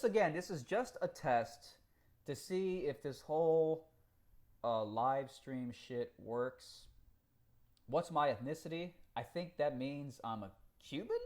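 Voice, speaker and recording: A man chatting on a live stream, reading out comments and talking in an animated, profane way with frequent laughs. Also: on the high side. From Cuba.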